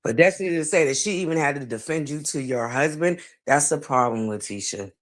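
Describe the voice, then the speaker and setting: A woman's voice: low voice, expressive, a little fast. A woman co-hosting a casual review chat, emphatic and scolding, speaking in Southern slang. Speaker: co-host.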